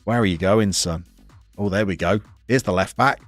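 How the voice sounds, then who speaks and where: A man with a soft Birmingham accent commentates his football management game in a wry, self-mocking way and chats with viewers. His voice sits fairly low and sounds dry and close, with faint music underneath. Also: normal speed, dry recording. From English Midlands. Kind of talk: casual live-stream commentary.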